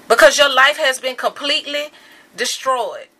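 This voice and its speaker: Woman, bright forceful voice, slightly high; impassioned commentary. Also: normal speed. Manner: angry, emphatic and repetitive. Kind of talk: impassioned monologue.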